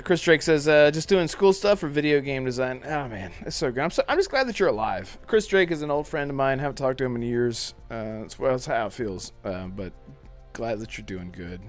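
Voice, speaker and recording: A man's voice: mid-range voice, moderate pace, faint music behind. A man hosting a casual gaming podcast livestream, reading chat messages aloud and laughing often. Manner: animated, laughs often, acts out movie lines.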